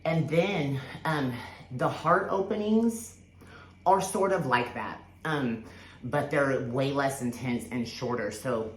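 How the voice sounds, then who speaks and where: A woman's voice: rumbling low, slow. A woman telling a personal spiritual story in casual, rambling talk, full of fillers and restarts, with the odd swear word. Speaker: spiritual vlogger. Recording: echoey room with faint background hiss.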